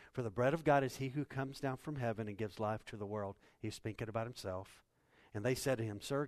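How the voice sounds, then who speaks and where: Man preaching with big loud-soft swings. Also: medium pitch, dry recording. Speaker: pastor. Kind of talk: sermon.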